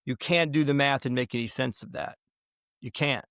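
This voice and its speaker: An opinionated man holds forth as a podcast guest, mixing history anecdotes with strong views and plenty of restarts. His voice sits at an ordinary male pitch. The recording is close and dry, with no room echo. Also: normal speed, a bit bright. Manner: emphatic, opinionated, digressive with restarts. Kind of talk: conversational interview, storytelling.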